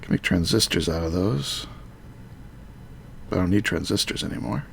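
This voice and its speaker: A man casually talking through a modded game on a live stream, muttering to himself with halting fillers. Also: sits low, animated, creaky, slight background noise.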